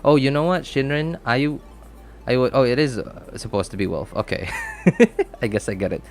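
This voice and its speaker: A man's voice: medium pitch, normal speed, darkish tone, soft background music. A man chatting casually on a game livestream, rambling with many fillers and restarts and laughing easily. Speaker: game streamer.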